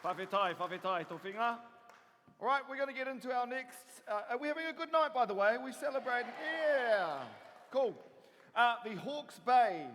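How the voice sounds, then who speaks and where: High-voiced New Zealand MC on stage. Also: male voice, a bit bright, a little hiss or hum. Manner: upbeat, rallies the audience. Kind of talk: stage announcing. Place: large theatre stage. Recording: long hall reverb in a theatre.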